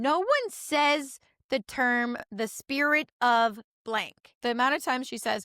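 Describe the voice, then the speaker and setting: A young woman talks straight to camera in a casual review vlog, candid and chatty, with her speech full of "like". Her voice sits a little high, and the sound is close and dry, with no room echo. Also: lively intonation, a little slow, pushed and bright. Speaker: YouTube commentator.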